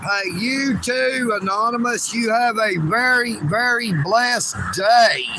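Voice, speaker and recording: A man's voice: extremely high pitch, slow, noisy background. A man hosting a casual outdoor livestream from beside railroad tracks, chatting in a folksy way and greeting viewers by name on a phone. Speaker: livestream host. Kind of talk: casual outdoor live-stream chat.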